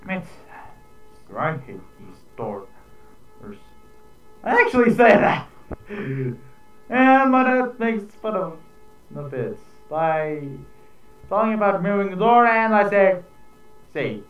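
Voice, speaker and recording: A man hosting a reaction video, chatting casually, excitable and profane, acting out people in his stories. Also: high voice, takes it slowly, pauses often. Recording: echoey room, mic at a distance, faint music.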